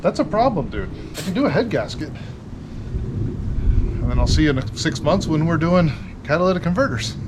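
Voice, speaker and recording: A man's voice: a little high, very animated, moderate pace, pauses often, noisy background. A man hosting a repair vlog, chatting casually and joking while he works on a car in a garage. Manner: joking, playful asides. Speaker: mechanic host. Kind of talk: casual talk while working.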